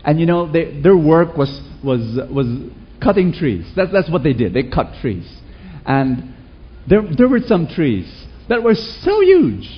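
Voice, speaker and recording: A man preaching a sermon to a congregation, animated, with rhetorical questions and sudden shouts. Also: fairly high pitch. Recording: dull lo-fi recording.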